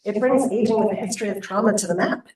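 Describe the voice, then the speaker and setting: A woman's voice: mid-range voice, fast talker, a little mellow. A woman giving prepared opening remarks at a conference, earnest and emphatic as she rallies her audience. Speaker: nonprofit program leader giving opening remarks. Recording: echoey room, voice from a distance.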